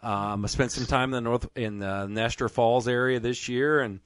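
A man hosting a fishing podcast in casual, joking chat, full of "uh"s and rambling asides. His voice sits at an ordinary middle pitch and is recorded dry and close, with no room sound. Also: steady tone, moderate pace, fairly bright tone, no room sound. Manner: joking, rambling, many "uh" fillers. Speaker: podcast host.

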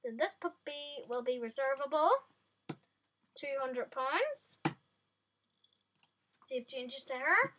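A woman giving excitable, chatty commentary on a game to her viewers. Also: high voice, slow pace, long pauses, background noise. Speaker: vlogger. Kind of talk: casual gameplay commentary.

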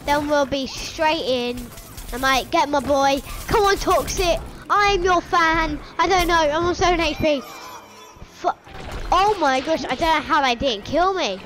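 A woman's voice: high-pitched, unhurried, fairly bright tone, slight background noise. A woman hosting a gaming channel, giving playful commentary over her match and teasing her teammates. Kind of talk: gameplay commentary.

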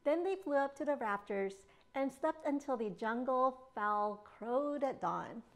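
Children's librarian, woman, storytime read-aloud, high voice that swings a lot, slow and deliberate. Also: animated.

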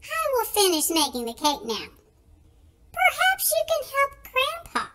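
A woman reading a storybook, voicing a patient, kind mother in a gentle, reassuring way. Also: extremely high pitch, wildly swooping pitch, measured pace, voice pushed up, heavily acted.

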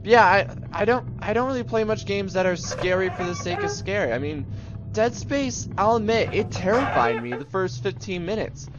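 A young gaming YouTuber offers rambling, jokey let's-play commentary on a horror game, slipping into playful silly voices. His voice is high-pitched and expressive at normal speed. The highs are cut off and music plays underneath.

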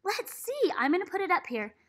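Very high, sing-song and a bit bright, a reading teacher's voice moves briskly through a phonics book she reads aloud to young children. She acts out the letter sounds with big, playful jumps in pitch, recorded on a laptop.

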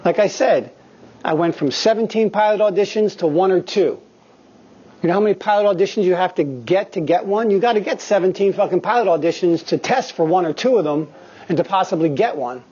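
A man's voice: high-pitched, fairly quick, husky. A man in his fifties, a guest actor telling candid, profane stories to acting students in a studio. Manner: profane, animated storyteller. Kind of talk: candid anecdotal talk. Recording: slightly dull lo-fi recording.

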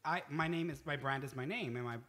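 Very bright, animated man guest. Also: on the high side, brisk. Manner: animated, repeats and restarts words. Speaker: psychic medium guest. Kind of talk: casual chat.

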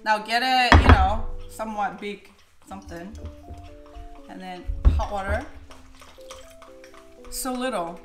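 A woman's voice: mid-range voice, takes it slowly, long pauses. A woman hosting a casual cooking vlog, chatting playfully and talking straight to her viewers in a home kitchen. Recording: echoey room with background music.

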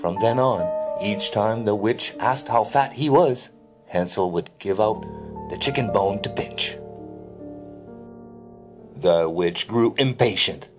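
A man reading a classic fairy tale aloud in an expressive storybook narration. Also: fairly low pitch, slow pace, long pauses, faint music behind.

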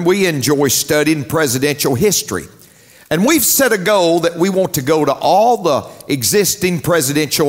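A man's voice: fairly high pitch, big-room sound. A male pastor preaching a sermon, reading scripture, praying and telling stories with rising emphatic swells. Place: church sanctuary.

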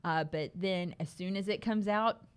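A woman's voice: on the low side, moderate pace, smooth. A woman co-hosting a livestream, talking chattily about best-selling games with frequent fillers. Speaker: co-host. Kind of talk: livestream product rundown.

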